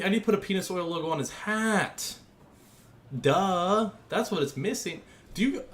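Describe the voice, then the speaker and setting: A young gaming streamer chats casually with his viewers while designing a paint scheme, goofy, joking, and easily amused. His voice is mid-range, with slight background noise.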